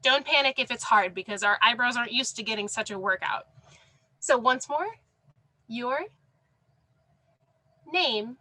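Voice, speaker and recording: A woman's voice: on the high side, sharp tone, no room sound, low-quality recording. A woman teaching a class over a video call from home, encouraging and praising students by name. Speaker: sign language teacher. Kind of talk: online class instruction. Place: home, with a dog under the desk.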